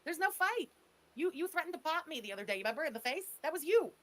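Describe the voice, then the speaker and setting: A woman's voice: high voice, big pitch swings, fast talker, fairly bright tone. A woman giving blunt, sarcastic reaction commentary, scolding the person on a clip. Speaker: stream commentator.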